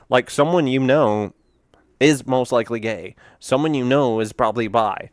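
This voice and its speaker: A man riffs through casual meme commentary in a rambling, frank manner, full of fillers and restarts. His voice is smooth and clear at a middle pitch. The sound is close and dry, with no room around it. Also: normal speed, dry recording. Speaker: video host reacting to memes.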